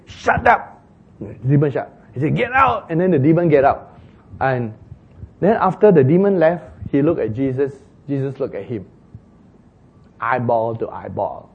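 Husky male pastor preaching, tinny sound. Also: fairly high pitch. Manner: storytelling, acting out quoted dialogue with sudden loud shouts. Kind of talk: sermon.

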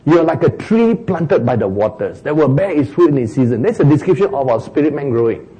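Male preacher, animated sermon delivery, husky and mellow tone. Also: fairly high pitch, a little fast, poor audio. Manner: animated, mimics crying sounds for humor.

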